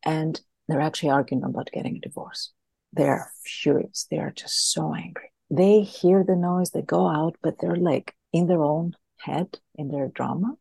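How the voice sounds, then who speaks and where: A woman's voice: low-pitched, normal speed, gravelly, dark tone, husky, dry recording. A woman, a guest in a podcast interview, earnestly explaining an idea through a story and often repeating words as she thinks. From Greece.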